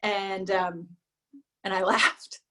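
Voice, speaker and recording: A woman giving a talk, telling a personal story in an emotional, halting way and dropping to a hush at the saddest parts. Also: mid-range voice, little pitch movement. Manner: emotional, halting, drops to a hush at sad moments. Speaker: speaker at a business event.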